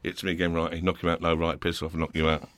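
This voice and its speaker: A man in his fifties with a South London accent, telling rowdy stories with swearing and laughter, loud bursts when he acts out others. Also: low voice, completely flat delivery, quick pace. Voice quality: rough-edged, laughs through his stories. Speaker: guest, former footballer. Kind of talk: casual storytelling with swearing.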